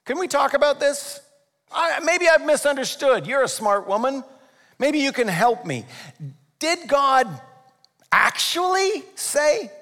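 A slippery, wheedling serpent, put on by a preacher, fishes for trust with soft flattery. The voice sits high and hangs in a long hall echo. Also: male voice, slow, heavily acted. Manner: coaxing, falsely curious and flattering. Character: sly wheedling male serpent tempter.

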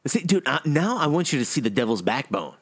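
A man's voice: mid-range voice, brisk, slightly rough. Stammering, easygoing male podcast co-host. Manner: stammering restarts, relaxed and swearing. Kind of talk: casual film podcast chat.

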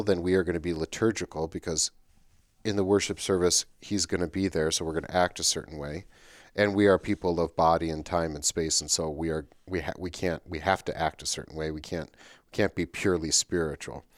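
A man's voice: sits low, no room sound, clean studio sound. A man discussing theology, building his argument step by step with chains of if-then reasoning.

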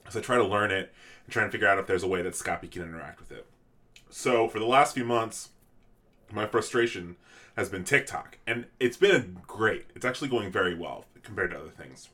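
A man's voice: on the low side, sharp tone. A man hosting a casual podcast, telling a long rant with laughter and swearing. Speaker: podcast host.

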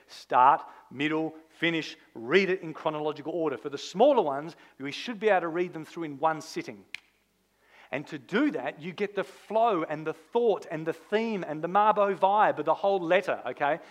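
A man, a pastor, preaching a sermon in an animated, conversational way, full of rhetorical questions. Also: on the high side.

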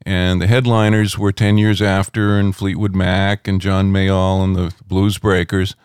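Man, middle-aged, rambling interview anecdotes, lowish voice, dry room. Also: level tone, measured pace, a little mellow, clean tone, no room sound. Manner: rambling anecdotal, many fillers. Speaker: rock critic guest. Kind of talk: relaxed interview storytelling. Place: home.

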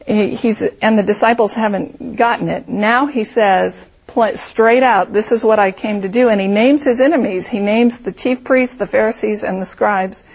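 A woman's voice: mid-range voice, normal speed, few pauses, darkish tone, breathy edge, muffled recording. A woman teaching a Bible study, explaining the text through vivid storytelling and imagined scenarios.

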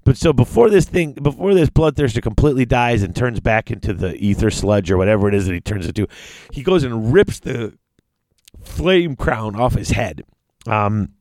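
A man casually retelling a fantasy battle story, excitable and rambling. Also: no echo. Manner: excitable, rambling, big pitch swings. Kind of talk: casual chat.

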